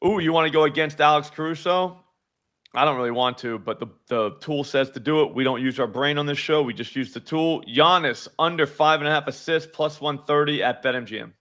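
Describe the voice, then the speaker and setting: A man hosts a live sports betting stream, his voice sitting a little high for a man. He talks in fast, animated bursts, with restarts and filler words as he explains each pick. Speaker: sports betting show host. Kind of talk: live betting show chat.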